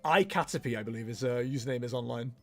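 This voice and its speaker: A man's voice: medium pitch, quick pace, soft background music. A young man chatting casually on a livestream while he plays, laughing often and poking fun at himself. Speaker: streamer.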